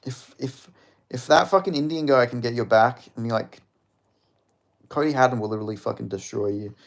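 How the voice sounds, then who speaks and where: Young man, gravelly, mid-pitched, casual streamer banter, swears a lot. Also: moderate pace. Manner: swears often, jokes with chat, laughs a lot. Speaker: streamer hosting a fight watch-along. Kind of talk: casual live-stream chat.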